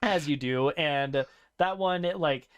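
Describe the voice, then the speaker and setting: A male podcast host retells a story in relaxed, casual chat, breaking into character voices as he goes. His voice sits fairly high and sounds smooth and clear. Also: slow. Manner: animated storyteller who acts out characters.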